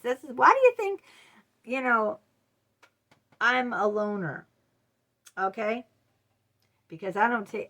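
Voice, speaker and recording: A middle-aged woman gives advice in a casual monologue to camera. Her voice sits a little high and rings bright and sharp. She hammers each point home bluntly and emphatically. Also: creaky. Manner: emphatic and blunt, talking straight to the viewer. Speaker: vlogger.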